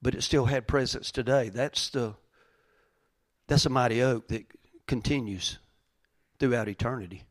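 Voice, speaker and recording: A middle-aged male pastor preaching a sermon, dropping to quiet, hushed lines and then rising to loud, fervent preaching. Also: medium pitch, steady tone, moderate pace, long pauses, no room sound, studio quality.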